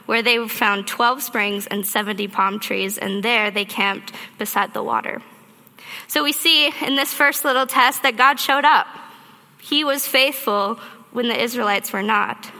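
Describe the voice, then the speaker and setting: A woman preacher giving a sermon, telling a story in a lively way and acting out her own thoughts. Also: a little high, moderate pace. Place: church auditorium. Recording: reverberant hall.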